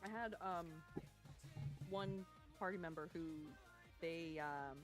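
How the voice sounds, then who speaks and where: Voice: medium pitch, soft background music. A streamer chatting casually and animatedly, swearing freely and laughing often. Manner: lively, swearing, quick to laugh. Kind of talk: casual chat.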